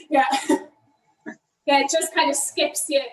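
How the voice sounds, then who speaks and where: With food in her mouth, an Irish cycling coach apologetically leads an online indoor cycling class while she eats. Her high-pitched voice is fairly even and slow, picked up from a distance, away from the mic in an echoey room with heavy background noise.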